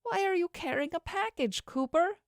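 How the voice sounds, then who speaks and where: A woman's voice: lively intonation, moderate pace, dry recording, studio quality. A woman voicing a distraught young female investigator who pleads through tears, audiobook style. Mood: pleading. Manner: pleading, tearful, high-pitched.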